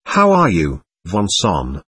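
A man doing mocking old buffoon, impudent, taunting, husky, lively swings in pitch. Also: takes it slowly, dry recording, exaggerated voice.

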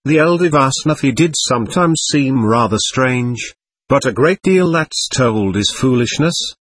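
This is a calm monk in an audiobook who explains things plainly and patiently, voiced by a man reading aloud. The voice is slightly husky, with a lively pitch, and the recording is dry. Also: a little slow, no echo. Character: calm male monk guide.

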